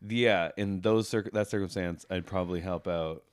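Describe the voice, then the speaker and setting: Deep-voiced young man chatting casually. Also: fairly even intonation, moderate pace, no room sound, studio quality. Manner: joking, tells stories with quoted voices. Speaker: podcast co-host. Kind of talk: casual chat.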